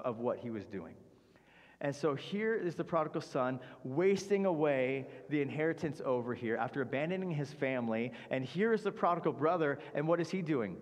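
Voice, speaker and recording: A man's voice: medium pitch, a little mellow. Man preaching a sermon in a reverberant church. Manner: conversational preaching, acts out characters' speech with fillers like "like". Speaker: pastor. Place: church sanctuary.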